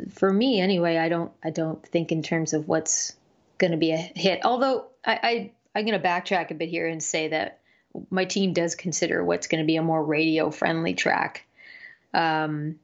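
Musician guest, woman, low-pitched, hesitant and chatty, muffled lo-fi audio. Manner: hesitant, many fillers and restarts. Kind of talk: casual interview talk.

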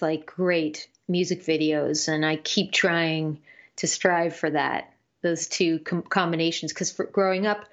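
Musician guest, woman, low-pitched, hesitant and chatty, muffled lo-fi audio. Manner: hesitant, many fillers and restarts. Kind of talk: casual interview talk.

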